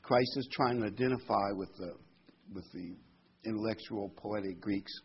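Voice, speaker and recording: A man's voice: fairly low pitch, normal speed, breathy edge. A man preaching a sermon to a small congregation in a conversational way, asking rhetorical questions and reading scripture aloud. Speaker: pastor. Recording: dull lo-fi recording.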